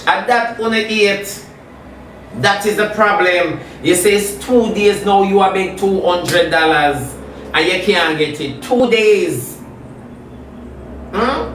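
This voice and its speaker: High-voiced Jamaican man ranting off-mic. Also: slow, a bit bright, recorded from a distance, a little hiss or hum. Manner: combative, taunting, repeats phrases. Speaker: social media personality. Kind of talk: heated live rant. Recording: roomy and off-mic.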